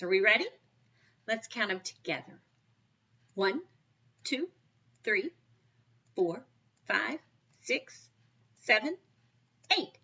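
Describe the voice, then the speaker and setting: A woman's voice: medium pitch, sharp tone, breathy edge, highs cut off. A woman teaching a recorded kindergarten math lesson, upbeat and encouraging, coaxing children to count along with her.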